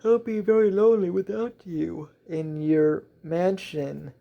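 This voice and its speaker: A clingy, excitable teen schoolgirl, voiced by a man reading a fan story pleads and hopes in a slow, gravelly voice. Her pitch stays almost flat and the tone dark. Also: muffled recording. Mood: pleading.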